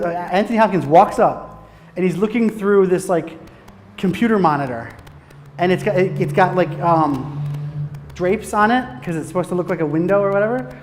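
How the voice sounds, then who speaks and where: A man telling stories at a casual conference talk on filmmaking, animated, swearing freely and laughing as he goes. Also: high voice, brisk, a little hiss or hum. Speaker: guest speaker on filmmaking. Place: conference room. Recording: reverberant hall.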